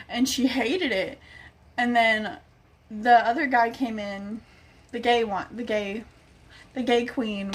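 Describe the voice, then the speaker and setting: Young woman vlogger, chatty storyteller who plays every part of the dialogue, swears casually, a bit high-pitched.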